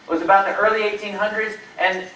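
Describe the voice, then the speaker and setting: A man's voice: sits high, flat delivery, fast talker, bright, forceful tone, a little hiss or hum. Joking man speaking in a hall. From Georgia, USA. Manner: joking, self-deprecating, laughs often. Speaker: nurse and conference speaker. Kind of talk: humorous keynote talk. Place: large conference hall at a resort. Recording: echoey hall from far off.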